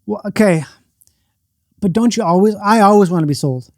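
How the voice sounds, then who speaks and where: A man's voice: sits high, a little fast, no room sound, clean studio sound. A man chatting casually as a podcast guest, rambling and jokey, poking fun at himself. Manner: rambling, jokey, self-mocking. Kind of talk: casual chat.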